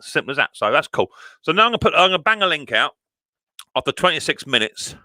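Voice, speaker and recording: A middle-aged man hosts a live stream from home, greeting viewers and chatting away cheerfully. He talks fast in a bright, forceful voice. The sound is dry and close, with no room echo. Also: on the high side, very animated. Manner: chatty, cheerful, reads viewer comments aloud. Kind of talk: casual live stream chat.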